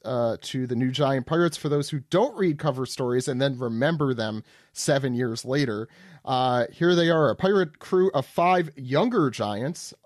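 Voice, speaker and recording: A man's voice: medium pitch, no echo, clean studio sound. A man hosting a casual podcast chat, running down a list of characters with easy fillers. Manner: relaxed, lists characters with fillers.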